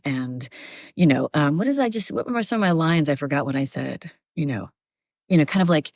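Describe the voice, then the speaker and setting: A woman's voice: low-pitched, very animated, a little fast, a little mellow, no echo, clean studio sound. A woman audiobook narrator and actress, a guest chatting animatedly with many fillers. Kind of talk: casual interview chat. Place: Southeast Texas.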